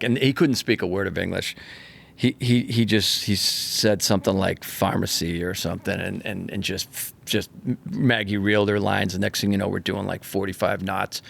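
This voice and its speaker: A man, a fishing charter captain, telling a story in a casual, animated way, acting out the voices as he goes. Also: fairly low pitch, vocal fry. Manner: animated, acts out voices, swears freely.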